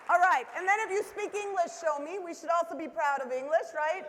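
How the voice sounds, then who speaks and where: A woman's voice: high-pitched, lively intonation, fairly quick, few pauses, a bit bright, some chatter behind, a little hiss or hum. A woman giving an interactive keynote at a conference, upbeat and coaxing the audience to call out greetings. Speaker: keynote speaker. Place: large conference hall. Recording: long hall reverb.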